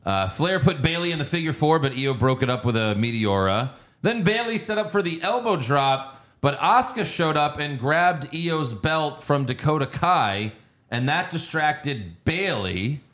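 A man hosting a casual podcast, reading out plugs and recapping matches in a relaxed, matter-of-fact way. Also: a little high, unhurried. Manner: laid-back, reads out plugs and recaps matter-of-factly. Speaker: podcast host. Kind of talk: casual chat and show plugs.

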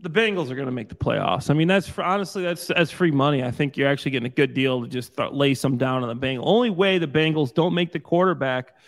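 A man who used to play pro football, eagerly giving his betting picks as a panelist on a sports talk show. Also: medium pitch. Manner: enthusiastic, rapid picks. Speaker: former football player, panelist.

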